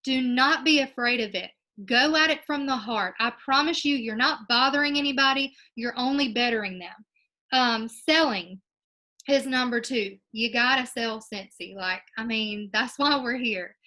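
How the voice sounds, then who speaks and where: A woman's voice: a little high, moderate pace, pushed and bright, poor audio. A young woman giving her sales team a casual, encouraging coaching talk, with plenty of ums along the way. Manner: upbeat and encouraging, with many ums. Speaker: direct sales team leader.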